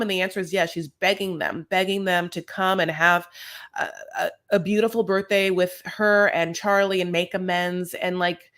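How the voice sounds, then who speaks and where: A man's voice: sits high, steady tone, normal speed, sharp tone. A man co-hosting a podcast, recapping a reality show in a campy, gossipy way with dramatic asides. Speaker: podcast co-host.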